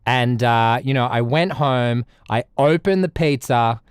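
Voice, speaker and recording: A young Australian man chatting casually on a music livestream, rambling, with loud bursts and low mutters. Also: a little slow, clean tone, dry recording, clean studio sound. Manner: animated, rambling, swings between loud outbursts and mutters. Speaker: music streamer.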